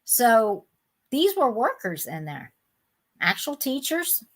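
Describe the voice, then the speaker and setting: A woman's voice: fairly high pitch, big pitch swings, takes it slowly, fairly bright tone. Chatty woman live-streaming. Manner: chatty, indignant, talks straight to viewers by name. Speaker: live-sale host. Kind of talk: casual live-stream chat.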